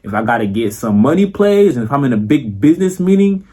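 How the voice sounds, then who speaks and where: A young content creator from Florida chats to camera in a medium-pitched, sing-song voice that is dark in tone and slightly rough, and he speaks fast. His delivery is casual, full of slang, profanity and filler tags, with "you feel me" said over and over.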